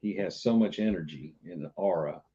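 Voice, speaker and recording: A man's voice: low-pitched, moderate pace, crowd noise. A man co-hosting a livestream, trading dry, joking banter while building. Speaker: co-host. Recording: muffled lo-fi stream audio.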